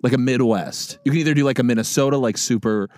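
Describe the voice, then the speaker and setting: A man's voice: mid-range voice, fast talker, a little mellow, no room sound. A man from Wisconsin co-hosting a podcast, playful and teasing in casual chat. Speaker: podcast co-host.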